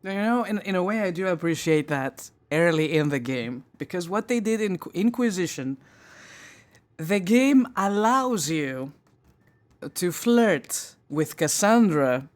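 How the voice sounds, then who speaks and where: A woman's voice: on the low side, expressive, unhurried. A woman streamer giving chatty, candid commentary over a live gameplay session.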